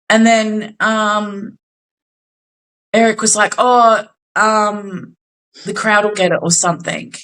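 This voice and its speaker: Bright, animated Australian woman. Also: a little high, slow pace, pauses often, low-quality recording. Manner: animated storytelling, swears casually, acts out quotes. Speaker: podcast co-host. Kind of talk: casual chat.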